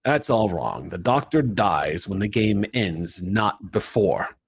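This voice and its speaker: The Master, a man doing a low, hushed, menacing villain. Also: animated, slow pace, creaky, husky, exaggerated voice. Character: menacing male villain, playful and cruel.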